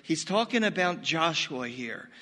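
Older male pastor, high and bright, folksy animated sermon, long hall reverb. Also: measured pace. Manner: animated, folksy preaching with sudden loud bursts.

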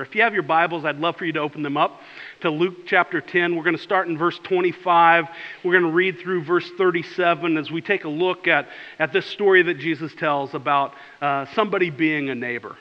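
A middle-aged man preaching a sermon, telling a personal story with repeated words and fillers. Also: sits high. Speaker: pastor. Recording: dull sound with long hall reverb.

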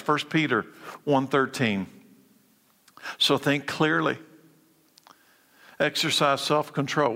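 A man preaching a sermon as pastor, swinging between urgent emphatic calls and low, quiet lines. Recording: long reverb of a large hall.

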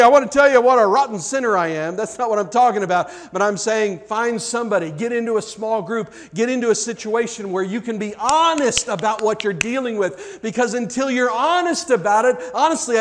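A man preaching as pastor, earnest and repeating words, rising to loud peaks and dropping soft, then leading a closing prayer. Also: high voice. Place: church hall with live audience.

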